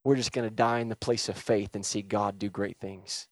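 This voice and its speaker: A man preaching a sermon with passion, swinging from loud urgent calls to hushed, quiet retelling. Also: on the low side, fairly even intonation, normal speed, no echo. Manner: impassioned, swings from shouting to hushed.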